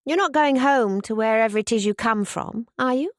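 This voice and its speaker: A woman's voice: fairly high pitch, normal speed, dry recording, clean studio sound, close to an everyday voice. A woman voicing an eager, bubbly young woman who gushes with enthusiasm. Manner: eager, gushing.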